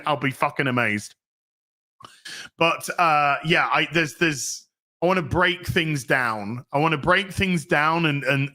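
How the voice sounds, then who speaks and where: A man's voice: on the high side, bright, forceful tone. A man hosting a casual livestream, reading out chat messages and rambling with many restarts and frequent swearing. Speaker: streamer host reading chat.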